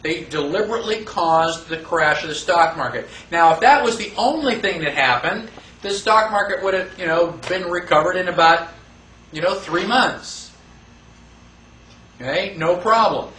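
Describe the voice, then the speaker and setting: Animated high-voiced man lecturing a class. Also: normal speed, a little hiss or hum. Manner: animated, rhetorical questions, acts out quoted voices. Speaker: teacher. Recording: echoey room, voice from far off.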